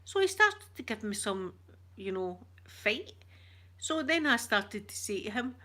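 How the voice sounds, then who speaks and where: A Scottish woman chatting with her viewers on a live stream, switching between whispers and soft talk. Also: medium pitch, very animated, measured pace. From Scotland. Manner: uses Scottish words like wee.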